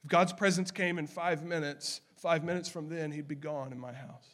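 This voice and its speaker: A male pastor with a high voice delivers a sermon. He builds to loud, urgent questions, then drops to hushed, slow emphasis on key phrases. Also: fairly even intonation.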